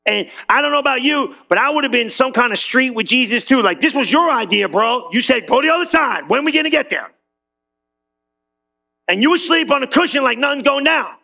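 A man preaching a sermon in a church, animated and conversational, joking with the congregation. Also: extremely high pitch, a little fast, vocal fry, few pauses. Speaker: pastor.

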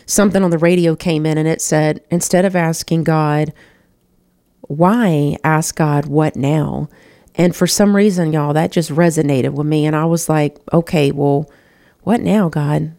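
A woman's voice: low-pitched, fairly even intonation, moderate pace, warm tone. A woman hosting her own show, telling a personal testimony in an emotional, earnest way and talking to listeners as "y'all.". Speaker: show host.

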